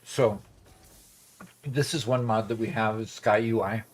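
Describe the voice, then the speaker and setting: A man's voice: lowish voice, fairly even intonation, unhurried. Rambling man streaming a game. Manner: rambling, many fillers and restarts. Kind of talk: casual gameplay livestream chat.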